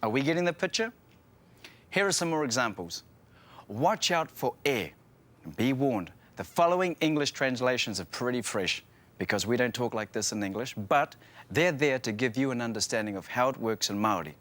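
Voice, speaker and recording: Animated, playful New Zealand man presenting. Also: mid-range voice, normal speed. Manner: playful, joking. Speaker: language show co-host. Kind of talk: lively language lesson presenting.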